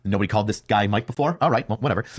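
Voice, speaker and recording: A man's voice: on the low side, racing, husky. A man on a podcast clip telling a behind-the-scenes story, joking and acting out quotes in exaggerated friendly tones. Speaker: police officer debater in a played clip.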